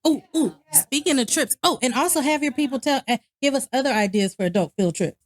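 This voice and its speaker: A woman on a podcast, chiming in with quick, playful remarks. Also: high-pitched. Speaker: podcast co-host. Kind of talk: casual podcast chat.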